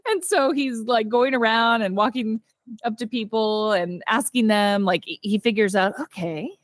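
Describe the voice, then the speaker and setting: A woman co-hosting a casual movie podcast, retelling a film with lively quoted voices and frequent laughter. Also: a little high, normal speed, no echo. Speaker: podcast co-host. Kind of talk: casual movie recap chat.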